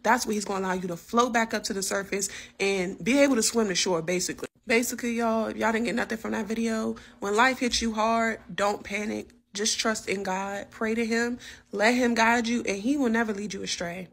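A woman's voice: on the high side, steady tone, brisk. Earnest woman preaching from her car. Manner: earnest, preachy, addresses viewers as y'all. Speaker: faith vlogger. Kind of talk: casual faith encouragement talk.

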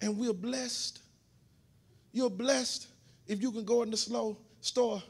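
A man preaching a sermon in a church, repeating his words as he goes and swelling into shouted preaching. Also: extremely high pitch, steady tone, slow, vocal fry, pauses often, husky. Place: church sanctuary.

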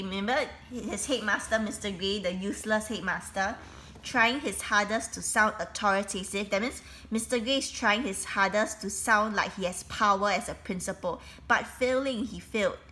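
A woman reading a children's book aloud, pausing to explain the story in simple words with frequent restarts. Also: mid-range voice, bright, forceful tone. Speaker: reader.

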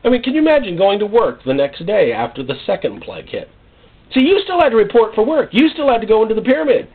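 A male pastor preaching a sermon in an animated, storytelling way, with jokes and acted-out scenes. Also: high-pitched, fast talker, slightly rough. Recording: tinny phone-like sound.

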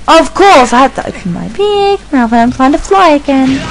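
Chatty high-voiced woman gaming. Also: moderate pace, faint music behind, poor audio. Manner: chatty, rambling, talks to her dog; excitable, yelps and squeals at the game. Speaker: let's play gamer. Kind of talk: casual gameplay commentary.

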